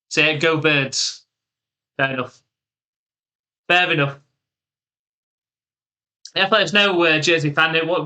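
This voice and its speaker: A man's voice: a little high, pushed and bright. A man with an English accent from the UK, giving live play-by-play commentary and chatting casually with stream viewers.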